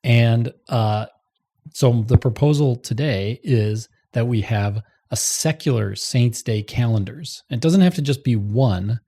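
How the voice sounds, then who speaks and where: A man's voice: medium pitch, measured pace, dark tone. Rambling, laughing male podcast host. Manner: rambling, filler-heavy explaining with frequent laughs. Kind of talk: casual podcast chat.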